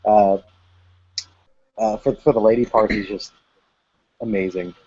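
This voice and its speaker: Husky man, eager and chatty. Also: on the low side, fairly even intonation, a little slow, warm tone. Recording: slightly dull audio.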